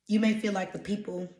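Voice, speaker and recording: A woman's voice: mid-range voice, a little mellow, roomy sound. A woman from Louisiana, speaking with a Louisiana accent, gives blunt, preachy motivational readings to her viewers. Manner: emphatic, preachy, blunt with casual swearing. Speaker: intuitive energy reader. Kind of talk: motivational channeled-message vlog.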